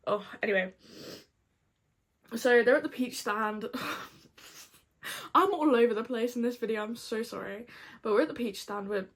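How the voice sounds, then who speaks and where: A woman's voice: a little high, unhurried, pauses often, a bit bright, breathy edge. A young woman recapping a TV episode to camera in a gushing, dramatic, chatty way. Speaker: vlogger.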